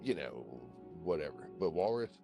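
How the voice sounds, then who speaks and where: A man's voice: low voice, very animated, moderate pace, gravelly, music in the background. A man from Virginia chatting on a voice call, rambling and swearing, with lots of "you know" and "like". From Virginia, USA. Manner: rambling, profane, full of fillers. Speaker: voice-call participant. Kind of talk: casual chat on a voice call.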